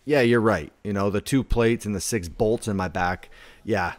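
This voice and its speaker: Low-voiced man telling stories casually. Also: normal speed, no echo. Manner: rambling storyteller, heavy on "like". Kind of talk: casual conversation.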